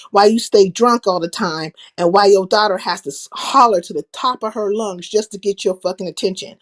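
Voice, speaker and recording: A woman hosting a casual livestream, ranting bluntly with plenty of profanity and stopping to greet viewers by name. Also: mid-range voice. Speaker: livestream host.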